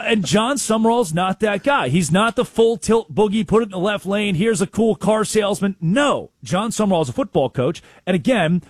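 A high, husky-voiced man on a sports talk show, his pitch swinging wildly as he tells stories. He is recorded dry and close, with no room sound. He acts out coaches he has met in bursts of sudden loudness. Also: moderate pace, few pauses, dry recording. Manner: excitable storyteller, mimics coaches with sudden loud outbursts.

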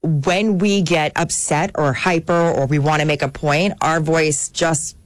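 A woman's voice: low-pitched, fairly even intonation, measured pace, no echo. A woman producer in a radio studio, chatting casually and laughing easily with the host. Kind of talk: casual on-air banter.

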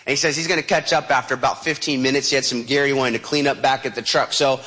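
A man's voice: mid-range voice, fairly even intonation, fast, pushed and bright. A man telling a personal story with vivid, dramatic animation and sound effects, as a motivational speaker.

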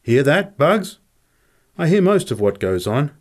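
A jumpy, punch-drunk little ex-boxer in a storybook reading, as a man puts him on, raised high above the reader's own voice. He talks in eager, insistent bursts, with pitch swinging up and down all over the place. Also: big pitch swings, measured pace.

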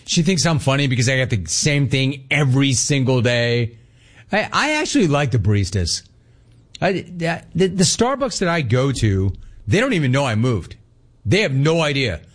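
A middle-aged man hosting a call-in radio talk show, ranting with energy and mimicking people in a high voice. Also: big pitch swings, normal speed.

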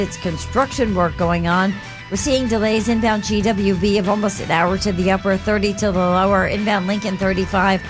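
A woman reads the morning traffic report for a radio station, brisk and even. Faint music plays beneath her voice. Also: mid-range voice.

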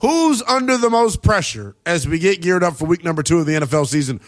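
A man hosting a late-night sports talk radio show, brash and quick to tease callers. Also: a little high, animated.

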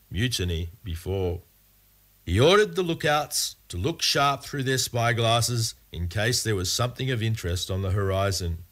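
A man's voice: on the low side, fairly bright tone. A man narrating a scripted storybook adventure in a playful, wry way.

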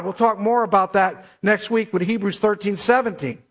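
Man preaching, pastor, high-pitched, emphatic, slows for scripture quotes. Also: steady tone, fairly bright tone. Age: middle-aged or older. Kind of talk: sermon.

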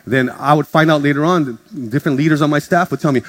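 A man's voice: on the high side, fast talker. A man preaching a sermon as pastor, telling stories in a casual, joking way and acting out the voices of others. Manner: casual storytelling, acts out voices, jokes with congregation. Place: church in front of a congregation. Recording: music playing under the speech. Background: music.

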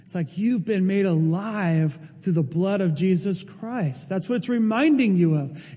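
Earnest high-voiced preaching pastor, reverberant hall. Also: male voice, lively intonation, a little slow, hardly any pauses, mellow. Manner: earnest, emotional preaching that rises to emphatic peaks. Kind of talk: sermon.

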